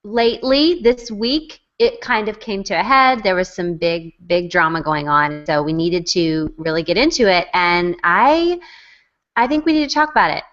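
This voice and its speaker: A woman's voice: fairly high pitch, fairly bright tone. A woman co-hosting a casual video-call chat, explaining at length. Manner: chatty, drawn-out explaining. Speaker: co-host. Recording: muffled lo-fi call audio.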